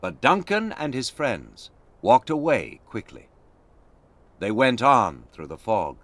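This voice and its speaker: Slow, clear male narrator reading a story for English learners. His pitch rises and falls a great deal as he tells it. The recording is close and dry, with no room sound. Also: huge pitch swings, fairly bright tone, no echo.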